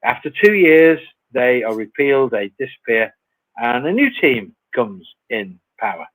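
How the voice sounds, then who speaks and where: A man answers viewer questions on a live stream in a plain-spoken way, laughing easily. His voice sits at a middle pitch, and the sound is dry. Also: sing-song, unhurried, fairly bright tone, dry recording, rough recording. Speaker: guest.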